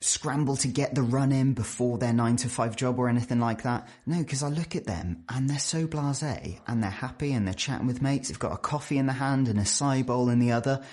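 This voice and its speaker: A British man in his twenties, talking casually to camera as a vlogger and telling stories with lively jumps in pitch. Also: fairly quick, hardly any pauses. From United Kingdom. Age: 20s. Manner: animated storytelling, pitch jumps for quoted voices.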